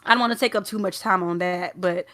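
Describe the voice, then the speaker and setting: A woman's voice: lowish voice, fast, pushed and bright, no room sound, clean studio sound. A young woman with a Southern US accent, co-hosting a gaming podcast in casual, rambling chat full of fillers and restarts. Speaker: podcast co-host.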